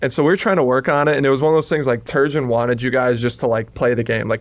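A man's voice: mid-range voice, steady tone, fast, hardly any pauses, no echo. Man chatting on a dry close mic. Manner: rambling, lots of "like", laughs often. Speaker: podcast co-host, former player. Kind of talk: casual storytelling chat.

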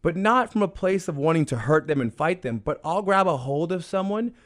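A man's voice: a little high, expressive, fairly quick. A man guest on an interview podcast, a jiu-jitsu instructor, talking in an earnest, explanatory way and repeating phrases for emphasis.

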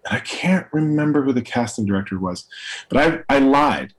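A middle-aged actor from New York City tells stories from his career with relish, acting out the people he quotes. His voice sits at an ordinary middle pitch, and his delivery is loose and conversational. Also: a little fast, rough recording. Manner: animated storyteller, acts out quoted voices. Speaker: actor and guest. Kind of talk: storytelling in conversation.

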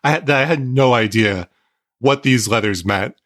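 A man's voice: mid-range voice, moderate pace, a bit bright. A man who is a guest on a podcast, telling stories in casual chat and laughing often. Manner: laughs often, chatty storytelling.

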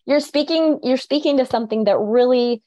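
A woman's voice: high voice, fairly quick, warm tone. A woman coach speaking as a podcast guest, upbeat and enthusiastic. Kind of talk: conversational podcast interview.

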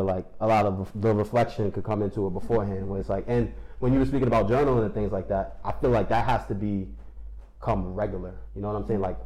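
Young New York man in his twenties, rapid reflective podcast talk, mellow low tone. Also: low-quality recording. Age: 20s. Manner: fast, reflective storytelling with slang. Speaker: podcast guest, educator. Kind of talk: casual podcast discussion.

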